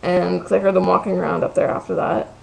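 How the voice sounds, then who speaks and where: A woman's voice: on the low side, level tone, fast talker, gravelly, slight background noise, low-quality recording. A woman vlogging from her bedroom, telling a gossipy, profane story full of "like" in a casual ranting way.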